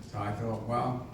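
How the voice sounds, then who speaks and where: Older male raconteur, guest at a convention, acts out voices; recorded far off in an echoey hall with faint room noise. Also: mid-range voice. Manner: lively raconteur who acts out others' lines. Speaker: interview guest, actor. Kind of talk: anecdotal storytelling.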